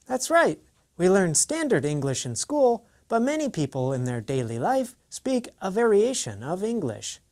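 A woman playing a curious learner in a scripted English lesson video, answering in a measured way. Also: mid-range voice, sing-song, a little mellow. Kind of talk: scripted educational dialogue.

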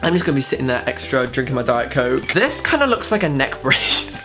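Brief: camp young vlogger, sassy asides, squeals, music bed underneath. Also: male voice, mid-range voice, sing-song, a little fast. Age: young adult. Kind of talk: casual haul vlog. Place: bedroom with studio light. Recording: music playing behind the voice.

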